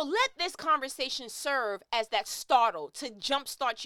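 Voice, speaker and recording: A woman's voice: high voice, animated, measured pace, hardly any pauses, fairly bright tone, smooth. A woman giving an impassioned, preachy motivational monologue, emphatic and repeating phrases to drive her point home.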